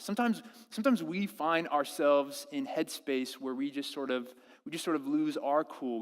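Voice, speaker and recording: A man in his thirties preaching a sermon to his congregation, conversational and playful, often restarting his sentences. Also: on the high side. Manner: conversational, self-interrupting, playful asides. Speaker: pastor. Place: church service in a school auditorium. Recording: long reverb of a church hall.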